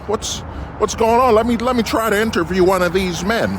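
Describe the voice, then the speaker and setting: A man putting on the voice of an excitable male TV news reporter who keeps asking alarmed questions. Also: sits high, brisk, slight background noise, voice pushed up, lightly acted. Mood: urgent. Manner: alarmed, repeated rhetorical questions.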